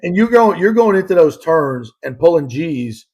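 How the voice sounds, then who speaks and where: A man's voice: on the high side, sing-song, moderate pace, darkish tone, breathy edge. A man hosting a sports talk show, chatting loosely with his co-host and often breaking in with exclamations.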